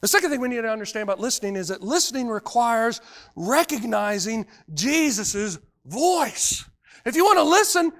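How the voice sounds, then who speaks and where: A man preaching a sermon as pastor, swinging from loud emphatic lines to hushed quiet ones. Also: very high voice.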